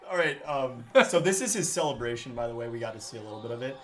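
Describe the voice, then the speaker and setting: A man's voice: medium pitch, animated, quick pace, a bit bright. A man hosting a podcast in casual chat, chatty and rambling, laughing often. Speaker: podcast host.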